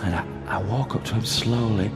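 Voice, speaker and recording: A man's voice: lowish voice, a little fast, over music. A man rambling through a comic monologue, stammering and swearing a lot.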